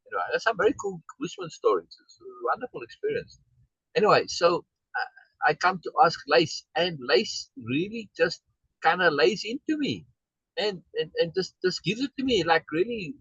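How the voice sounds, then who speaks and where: Guy rambling through a story on a video call, lively pitch, a bit husky, dull lo-fi sound. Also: dry recording. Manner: rambling, animated storytelling with many asides and "right?". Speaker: discussion group member. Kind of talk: casual storytelling in a video meeting.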